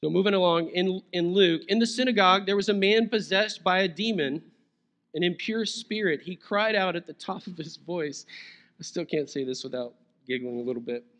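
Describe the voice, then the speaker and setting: A man's voice: high-pitched, moderate pace, a bit bright. A man preaching a sermon as pastor, conversational and playful, chuckling now and then.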